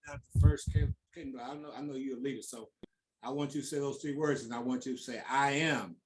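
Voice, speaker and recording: A man's voice: medium pitch, steady tone, fairly quick. Man running a youth workshop, pumps everyone up, call and response, really noisy recording. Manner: encouraging, call-and-response coaching. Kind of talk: motivational workshop talk. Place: conference room. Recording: loud background noise.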